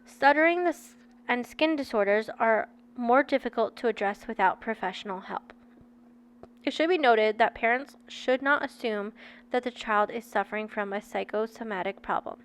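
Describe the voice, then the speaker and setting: A woman's voice: fairly high pitch, moderate pace, clear, resonant tone. A woman in her thirties reading a book aloud and breaking off into candid, chatty personal asides to her viewers. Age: 30s.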